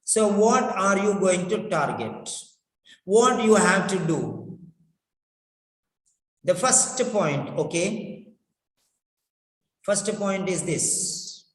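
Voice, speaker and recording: An unhurried teacher lectures on speaking, saying each key phrase twice and turning to the students to make a point. The voice rings through an echoey hall with a long tail of reverb. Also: mid-range voice, animated. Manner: repeats key phrases slowly for emphasis; instructive, addresses students directly. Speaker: spoken English teacher.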